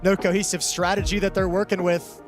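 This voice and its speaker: A man's voice: sits high, flat delivery, brisk, over music. A man giving conversational color commentary on an esports match, analyzing at length with frequent restarts.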